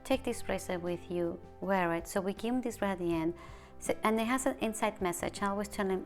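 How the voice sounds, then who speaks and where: A middle-aged woman speaking as a bereaved mother in an emotional personal interview, halting and soft, with hushed quoted speech. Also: on the low side, soft background music.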